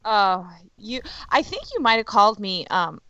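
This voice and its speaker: A woman in casual chat with a friend, chiming in quickly and chattily. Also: mid-range voice, lively intonation, pushed and bright, smooth, lo-fi sound.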